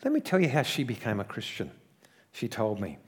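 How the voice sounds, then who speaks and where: Earnest pastor preaching a sermon. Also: male voice, medium pitch, big pitch swings, slightly rough. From Australia. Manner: earnest storytelling with swelling emphasis and soft, slowed asides.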